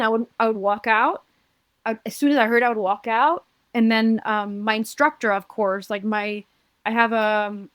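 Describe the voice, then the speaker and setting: A woman from Uruguay, a podcast guest, telling a personal story in an earnest, halting way with many restarts. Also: a little high, a bit bright, no room sound.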